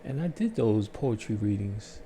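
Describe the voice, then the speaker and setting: A man calmly telling his life story on his own channel, in a soothing, unhurried way with pauses. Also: lowish voice, a little hiss or hum. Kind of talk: slow reflective storytelling.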